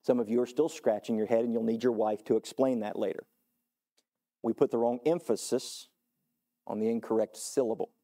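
A man preaching a sermon as pastor, earnest, climbing to emphatic high points and falling back low, often repeating and restarting words. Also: dark tone. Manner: earnest, rising to emphatic peaks then dropping low.

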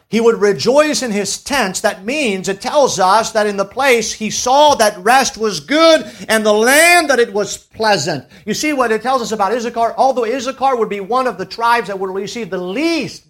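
A man preaching a sermon, reading scripture slowly and deliberately and rising to an emphatic, raised delivery. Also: high-pitched, fairly bright tone.

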